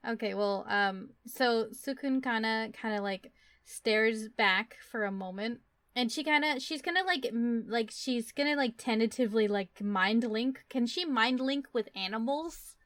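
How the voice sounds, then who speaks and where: A woman's voice: fairly high pitch, a little slow, fairly bright tone, no echo, clean studio sound. A woman playing a tabletop game, describing her character's actions hesitantly with lots of fillers. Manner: hesitant, full of fillers like "kinda". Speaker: player. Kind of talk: casual tabletop role-play.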